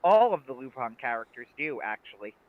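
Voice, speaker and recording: A man's voice: mid-range voice, very animated, brisk, no room sound, narrow, tinny audio. A man co-hosting a livestream, chatting casually and making emphatic, opinionated points. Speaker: livestream co-host. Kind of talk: casual chat.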